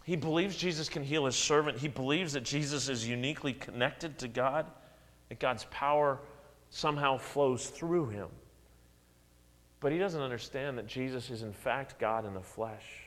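A man preaching a sermon, his delivery swinging widely in pitch and loudness as he acts out quotes. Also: normal speed, long reverb tail. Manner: animated preaching with dramatic swings in pitch and volume, acted-out quotes. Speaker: pastor.

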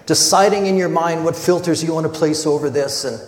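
A fairly high-voiced man preaching an earnest, conversational sermon. He slips into lively retellings of the scene. His voice rings through an echoey hall with a long reverb tail. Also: a little fast. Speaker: pastor.

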